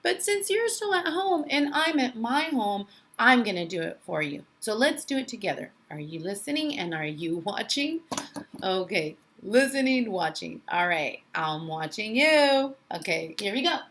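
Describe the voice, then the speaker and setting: Woman, kindergarten teacher, at home, sing-song, swooping pitch, spells letters one by one. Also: very animated, moderate pace, a bit bright. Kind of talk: remote phonics lesson for young children. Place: her home.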